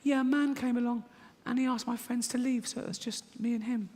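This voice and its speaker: A man's voice: extremely high pitch, fairly even intonation, brisk, a little mellow, pitched above the performer's own voice. A man voicing a chirpy six-year-old girl with a small, innocent voice, in a stand-up routine. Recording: reverberant live venue, faint ambience.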